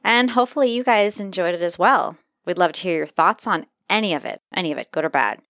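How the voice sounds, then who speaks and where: A woman's voice: lowish voice, expressive, quick pace, fairly bright tone, dry recording, studio quality. A woman co-hosting a podcast, chatting in an easygoing, teasing way while rating wine. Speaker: podcast co-host. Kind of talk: casual wine-tasting chat.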